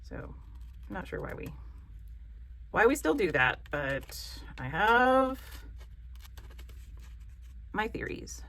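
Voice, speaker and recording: A woman's voice: mid-range voice, sing-song, slow pace, long pauses, a bit bright. A woman with a Southern American accent hosts a casual craft tutorial, chatty, joking and encouraging. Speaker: craft channel host.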